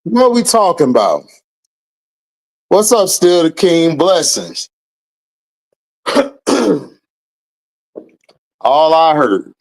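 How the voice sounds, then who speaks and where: A livestream host talking casually and loudly, teasing viewers and repeating taunts with bursts of laughter. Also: medium pitch, sing-song, extremely slow, long pauses. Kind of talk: casual livestream trash talk.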